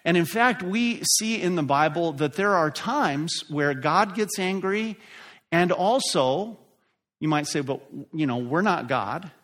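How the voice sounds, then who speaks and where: A man's voice: on the high side, fairly bright tone. A middle-aged male pastor preaching a sermon, emphatic and building in force at key points. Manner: slow, emphatic preaching that rises and drops in force.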